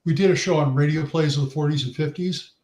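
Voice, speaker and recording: A man's voice: a little high, fast, a little hiss or hum. New man in an echoey room. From New York. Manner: relaxed, anecdotal, theatrical. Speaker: podcast co-host. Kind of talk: casual chat.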